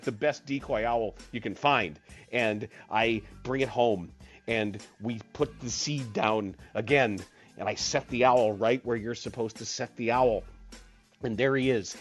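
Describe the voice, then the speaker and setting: A comic storyteller ranting in an exasperated, animated way and acting out each voice in the story. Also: mid-range voice.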